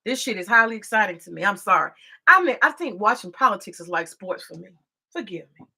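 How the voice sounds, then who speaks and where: A political commentator, this woman speaks quickly in a mid-range voice with big pitch swings, sounding creaky, pushed, bright, and slightly rough. Her casual monologue is a heated, profane, scolding rant full of repetition as she gets worked up.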